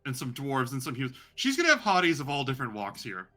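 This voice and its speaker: A man's voice: mid-range voice, huge pitch swings, quick pace, pushed and bright. A man narrating as game master of a tabletop role-playing game, in a loose, chatty way full of fillers.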